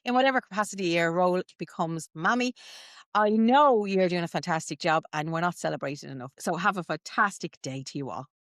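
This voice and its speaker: A woman with an Irish accent co-hosting a podcast, chatting casually in a rambling, animated way. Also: on the low side, brisk, no echo, studio quality. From Ireland. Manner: rambling, animated storytelling with restarts. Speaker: podcast co-host. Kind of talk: casual chat.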